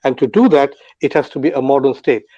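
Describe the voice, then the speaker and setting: A man's voice: mid-range voice, fast talker, warm tone, no echo, lo-fi sound. An older man from Bangladesh speaking as a panel guest, talking off the cuff with many fillers and restarts. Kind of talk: unscripted commentary on an online audio panel.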